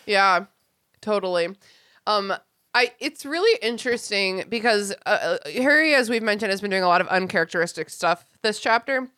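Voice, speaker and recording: Bright-voiced, animated woman podcaster. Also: medium pitch, normal speed, no room sound, studio quality. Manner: animated, laughs often, acts out quoted characters. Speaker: podcast co-host. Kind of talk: casual chat.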